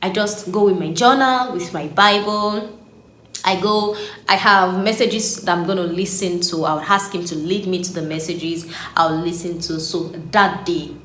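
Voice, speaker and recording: A woman in her late twenties, an animated faith vlogger who laughs often as she shares her story. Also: lowish voice, unhurried. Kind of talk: casual devotional vlog. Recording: echoey room, faint background hum.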